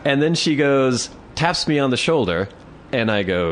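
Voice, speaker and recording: A man's voice: mid-range voice, moderate pace, slight background noise. A man co-hosting a podcast, telling a story in casual chat, swearing and acting out the voices of the people in it. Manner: animated, swears, acts out voices in his stories. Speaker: podcast co-host.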